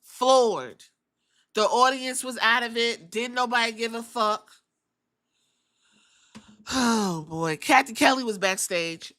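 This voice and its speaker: Woman host, bright, high-ish voice, sassy and profane recap chatter. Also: slow pace, long pauses. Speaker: podcast host. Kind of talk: casual wrestling recap.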